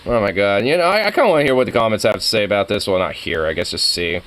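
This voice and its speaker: A man's voice: lowish voice, animated, racing, a bit bright. A young man reacting to a video, ranting in a heated, profane, casual way.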